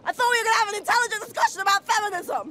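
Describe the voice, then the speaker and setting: A woman shouting furiously and swearing in a tearful street confrontation in a public park. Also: extremely high pitch, steady tone, rapid-fire. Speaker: debate participant. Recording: crowd noise outdoors.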